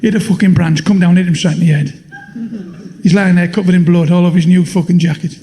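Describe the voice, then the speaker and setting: An older man performing a blunt, swearing stand-up comedy routine with deadpan punchlines. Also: high-pitched, fast talker. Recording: live show in a long-reverb hall.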